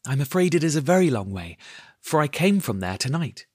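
Brief: timid lost little girl, soft and sweet, raised and lilting, read by a man. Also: on the high side, very animated, a little fast, no room sound, studio quality, pitched above the performer's own voice.

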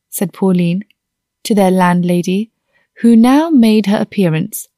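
A woman narrates an audiobook from a script, telling the story in an even, measured way. Her voice is mid-range, and the studio recording is clean with no room sound.

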